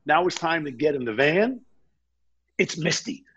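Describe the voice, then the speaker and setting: Male guest with a raspy, fairly high voice, spinning a lively anecdote; muffled lo-fi recording. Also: measured pace. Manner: animated anecdote-telling, acts out quoted dialogue. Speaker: interview guest. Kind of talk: casual storytelling.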